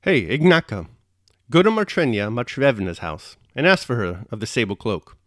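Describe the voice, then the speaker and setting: A man voicing a bold, scheming nobleman in an audiobook, brisk and commanding. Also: mid-range voice, very animated, a bit bright, no room sound, clean studio sound. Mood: knowing.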